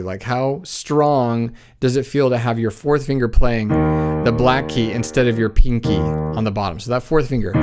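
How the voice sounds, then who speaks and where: A man teaches piano in a relaxed, chatty way, sometimes counting the beats aloud. His voice sits at an ordinary middle pitch. A piano plays loudly underneath much of his talking. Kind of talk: casual piano lesson. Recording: piano playing loudly behind the voice.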